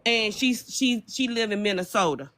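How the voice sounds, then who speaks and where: Live-stream guest, blunt, animated, casual, mid-pitched voice. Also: normal speed.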